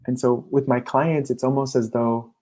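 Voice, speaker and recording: A man, a coach and guest, talking in a casual, animated interview and acting out his clients' voices. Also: mid-range voice, normal speed.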